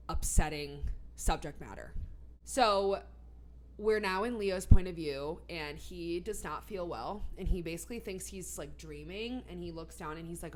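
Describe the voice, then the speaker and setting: A woman recaps a novel for her channel in a relaxed, conversational way. Her voice sits a bit low, and she peppers the story with fillers and sarcastic side comments. Faint background noise hums under her voice. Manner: chatty, many fillers, sarcastic asides. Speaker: book reviewer. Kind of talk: casual book recap.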